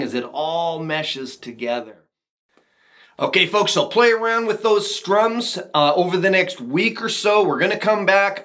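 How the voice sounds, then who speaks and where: A man teaching a ukulele strumming lesson, talking to viewers in a relaxed, encouraging way. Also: fairly high pitch. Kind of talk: casual instructional talk. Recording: ukulele playing behind voice.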